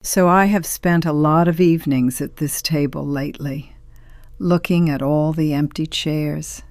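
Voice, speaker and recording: An older woman telling her own story in scripted first-person narration, slow and reflective, sometimes sinking to a near whisper. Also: deep voice, fairly even intonation, darkish tone, no echo.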